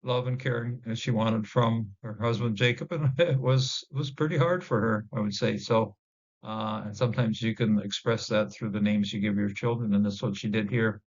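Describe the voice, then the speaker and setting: A man giving an informal Bible word-study lesson, halting with many fillers and restarts, sounding out Hebrew words slowly. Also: fairly low pitch, steady tone. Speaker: Bible teacher. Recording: dull lo-fi recording.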